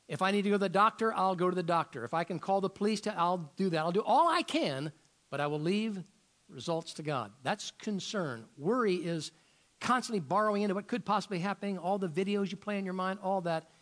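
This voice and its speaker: Animated pastor preaching with swooping pitch. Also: male voice, brisk. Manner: animated, many rhetorical questions, repeats words while searching. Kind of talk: sermon.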